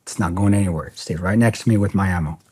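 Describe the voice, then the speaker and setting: Middle-aged male guest, low husky voice, blunt and profane, rambles through restarts. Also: fast, mellow. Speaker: podcast guest. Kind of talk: casual storytelling interview.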